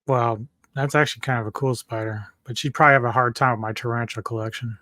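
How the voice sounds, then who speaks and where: A man's voice: mid-range voice, steady tone, fast talker, pushed and bright, dry recording, studio quality. A man hosting a reaction video, ranting angrily and cursing often. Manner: profane, angry, ranting. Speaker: commentary YouTuber.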